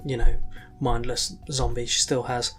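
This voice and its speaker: A man co-hosting a podcast, talking in a loose, halting way full of ums and restarts. His voice sits at an ordinary pitch, and faint music plays underneath. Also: flat delivery, a bit bright. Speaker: podcast co-host. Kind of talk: casual chat.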